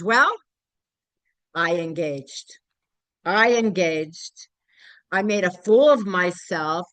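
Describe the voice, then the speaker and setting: A woman's voice: on the low side, slow pace, long pauses, fairly bright tone, dry recording, poor audio. An older woman speaking at a community group meeting, candid and blunt, rambling with frequent fillers. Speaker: local activist group member.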